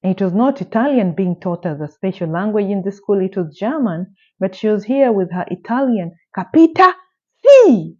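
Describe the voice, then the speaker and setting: A woman's voice: medium pitch, expressive, normal speed, hardly any pauses, dark tone, lo-fi sound. Indignant woman telling a true story. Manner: emphatic and indignant, with rhetorical questions. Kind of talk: casual storytime narration.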